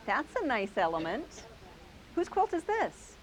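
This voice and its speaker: A woman's voice: mid-range voice, big pitch swings, normal speed, rough recording. A woman hosting a quilting class, showing quilts to a live group and praising each one with enthusiasm. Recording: faint hiss.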